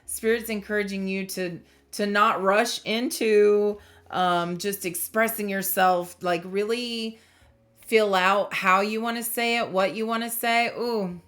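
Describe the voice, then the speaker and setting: A young woman giving a tarot reading to her viewers, in a voice of middling pitch. She speaks slowly and musingly, pausing to feel things out, then offers gentle reassurance and the odd startled exclamation. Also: fairly even intonation. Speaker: tarot reader. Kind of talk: intuitive tarot reading to camera.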